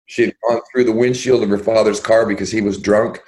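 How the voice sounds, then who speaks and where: An older man with a rather low voice tells his life story as an interview guest. He rambles and restarts, filling pauses with ums and uhs. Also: level tone, a little mellow, low-quality recording. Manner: rambling, halting, with many fillers and restarts.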